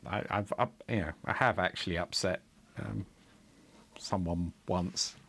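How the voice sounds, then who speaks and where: A man's voice: low-pitched, fairly even intonation, a little slow, vocal fry, fairly bright tone, breathy edge. A middle-aged man streaming live coding, talking in a rambling, chuckling way with lots of fillers and restarts, and muttering in exasperation while he debugs. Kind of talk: casual live-stream chat.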